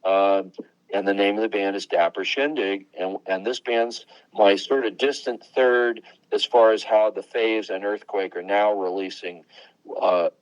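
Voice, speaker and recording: A man's voice: lowish voice, steady tone, measured pace, clear, resonant tone, no room sound. A man in his seventies, a musician being interviewed, telling rambling anecdotes in a casual chat. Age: 70s. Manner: rambling, anecdotal, name-dropping. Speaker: guest musician. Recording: dull lo-fi dry sound.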